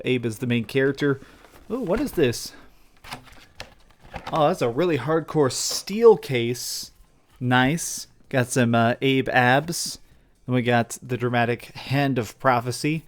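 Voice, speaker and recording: A young man hosting a game review and unboxing vlog, talking with gushing, animated enthusiasm. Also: medium pitch, slight background noise. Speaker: game reviewer and channel host.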